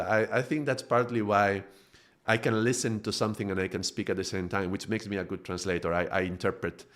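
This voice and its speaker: Quick-talking middle-aged man with a strong Spanish accent. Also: fairly low pitch. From Spain. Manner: quick, animated storytelling with frequent laughs and restarts. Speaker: spiritual teacher hosting a live satsang. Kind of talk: casual live-streamed talk.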